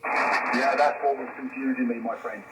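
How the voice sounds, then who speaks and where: A man's voice: medium pitch, little pitch movement, normal speed. Man over noisy radio reception. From England. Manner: friendly, polite, hesitant with fillers. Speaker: ham radio operator. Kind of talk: casual radio chat.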